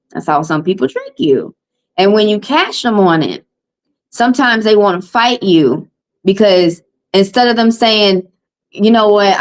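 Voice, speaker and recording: Brief: Southern US woman, low-pitched, blunt and heated livestream host, phone mic. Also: poor audio. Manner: blunt, heated, repeats points. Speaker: tarot reader hosting a livestream. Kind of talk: livestream venting to viewers.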